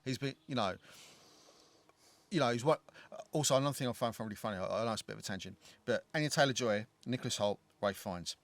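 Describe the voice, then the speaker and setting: A man co-hosting a casual film podcast, his voice sitting in an everyday middle pitch. He rambles, restarts sentences and swears freely. The recording is dry and close, with no room sound. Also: fast, no echo. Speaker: podcast co-host.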